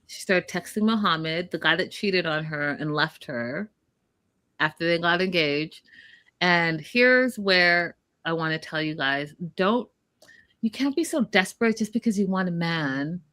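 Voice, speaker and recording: Woman, co-host, casual recap chat, blunt, opinionated, tense bright tone. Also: lowish voice. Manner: blunt, opinionated, mocks people in quoted voices. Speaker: podcast co-host.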